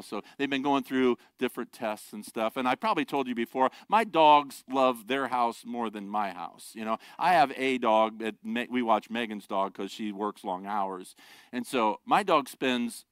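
A man's voice: mid-range voice, normal speed, fairly bright tone, clear, resonant tone, no echo. A middle-aged man preaching a sermon, a pastor who talks conversationally and jokes with the congregation. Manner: conversational, joking asides to the congregation.

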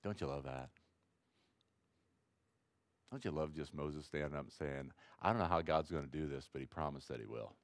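A man preaching an informal, conversational sermon as pastor, rambling at times and rising to excited emphasis. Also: rumbling low, normal speed, pauses often, no room sound.

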